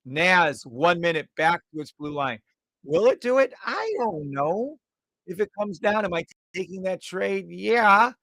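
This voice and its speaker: A man's voice: on the high side, gravelly, a bit bright, no echo, low-quality recording. Brash, profane man calling live trades. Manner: brash, profane, calls out trades in rapid repeated bursts; mocks imagined viewers in a whiny voice. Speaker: live trading stream host. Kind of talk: live trading commentary.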